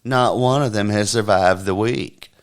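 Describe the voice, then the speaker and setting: A man's voice: lowish voice, unhurried. A man voicing a naive young city man turned chicken farmer in a spoken joke, talking in a prim, formal and indignant way.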